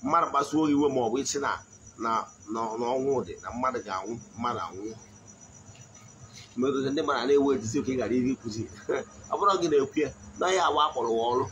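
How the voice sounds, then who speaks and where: A man giving a spiritual teaching in a slow, deliberate voice, often asking his listeners if they follow. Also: medium pitch, a bit bright, muffled recording, a little hiss or hum. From Nigeria. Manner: switches between Igbo and English, frequent check-ins. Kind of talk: spoken teaching.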